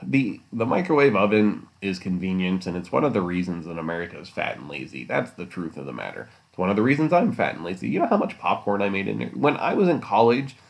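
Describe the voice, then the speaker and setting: A man's voice: deep voice, sing-song, fairly quick, vocal fry. A man hosting a solo podcast, rambling casually and teasing his listeners with jokes. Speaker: podcast host.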